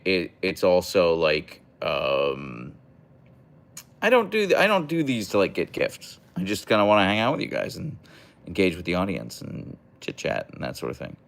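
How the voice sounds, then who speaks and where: A man's voice: deep voice, a bit bright, smooth. A young man hosting a casual livestream, reading chat aloud and answering in a rambling, hesitant way with many fillers and restarts.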